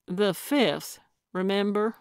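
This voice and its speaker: A woman voicing a feisty, eccentric elderly woman amateur sleuth, quick-witted and cheeky in an audiobook. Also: medium pitch, no echo, studio quality.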